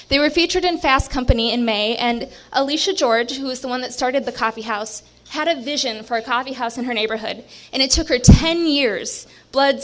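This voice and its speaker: A woman giving a short timed talk on stage to an audience, speaking in a brisk, conversational and encouraging way. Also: sits high, a bit bright. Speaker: presenter at a community speaking event. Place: bistro event stage with an audience.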